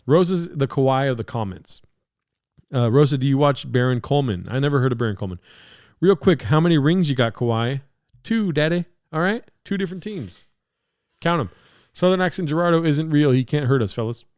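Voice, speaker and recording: A man's voice: mid-range voice, a little fast, a little mellow, clean tone. A man hosting a podcast livestream from his apartment, rambling, swearing and laughing as he reads chat comments. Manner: rambling, profane, laughing a lot. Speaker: podcast host. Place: home apartment studio. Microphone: podcast mixer setup.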